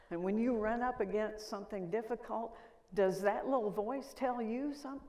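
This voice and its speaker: A woman's voice: fairly high pitch, normal speed, mellow. An older woman giving a conference keynote, telling stories and asking the audience questions. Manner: storytelling, asks the audience questions. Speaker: conference speaker. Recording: reverberant lecture hall.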